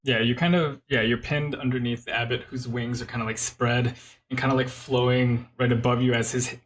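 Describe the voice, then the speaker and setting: A man's voice: mid-range voice, little pitch movement, fairly quick, a little hiss or hum. Rambling male game master. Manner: rambling, full of "like" and "kind of". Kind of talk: narrating a tabletop game.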